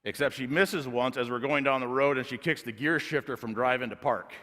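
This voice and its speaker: A man preaching a sermon as a pastor, telling a personal story and building to loud, emphatic points. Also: mid-range voice, brisk. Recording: long reverb of a large hall.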